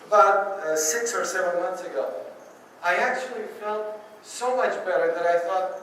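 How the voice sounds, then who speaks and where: A man's voice: high-pitched, fairly quick, fairly bright tone, slight background noise. A man with a Russian accent gives an earnest, encouraging talk to a support group, mixing in self-mocking humor. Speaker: ballet teacher speaking to a Parkinson's group. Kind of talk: public talk. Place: meeting room. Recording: echoey room, mic at a distance.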